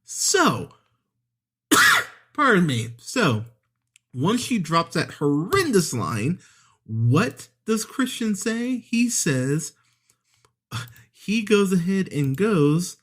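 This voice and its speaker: A man's voice: high voice, sing-song, drawn-out words, pauses often, fairly bright tone, breathy edge. A man ranting through a sarcastic, profane movie review on a podcast, with exasperated asides and mocking impressions.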